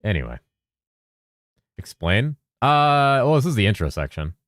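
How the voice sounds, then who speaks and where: A man with a very low voice chats casually on a game stream, rambling and cursing as he goes. He mumbles some words, and the sound is close and dry with no room echo. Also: big pitch swings, a little slow, a bit bright. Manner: loose and rambling, swears freely, mumbles at times. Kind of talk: casual live-stream chat.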